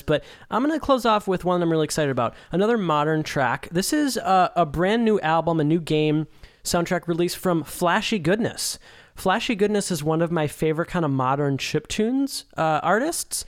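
Enthusiastic man with a raised voice. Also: a little high. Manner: enthusiastic, chatty. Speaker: podcast host. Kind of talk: casual podcast chat.

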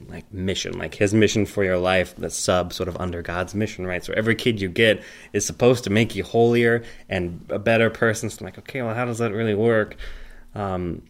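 This man, in his thirties, chats casually and wanders from one family story to the next. He performs the quoted voices in an animated, high-pitched way.

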